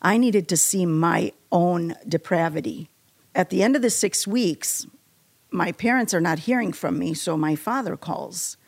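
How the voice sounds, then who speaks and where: A woman shares a personal faith testimony in a lowish, slightly slow voice. She tells her story with emotion and animation, acting out the quotes as she goes.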